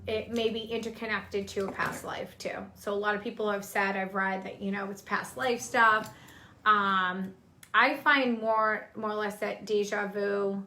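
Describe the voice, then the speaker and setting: A woman's voice: medium pitch, sharp tone. A woman co-hosting a casual chat, explaining energy practices in a talkative, teaching way with frequent ums. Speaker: psychic medium and co-host.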